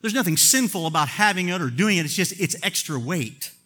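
Impassioned bright-voiced male preacher. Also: sits high, expressive, a little fast. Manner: impassioned, swings between loud emphatic bursts and quiet asides. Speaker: pastor. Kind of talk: sermon.

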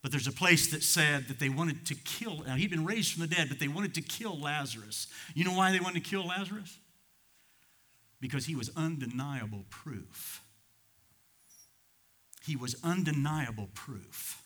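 A man's voice: a little high, expressive, moderate pace, pushed and bright. A male pastor preaching a sermon to his congregation at a church service, talking conversationally with chuckles and rising to fervent emphasis.

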